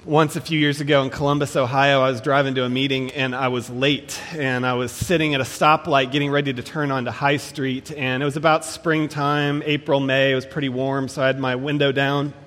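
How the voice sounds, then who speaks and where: A man preaching a sermon in a measured, emphatic way, slowing down to stress key phrases. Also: medium pitch, flat delivery, a bit bright, big-room sound.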